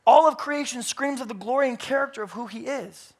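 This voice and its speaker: A man in his thirties preaching a sermon in church, moving between hushed, intimate passages and loud, emphatic peaks. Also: very high-pitched, a little fast.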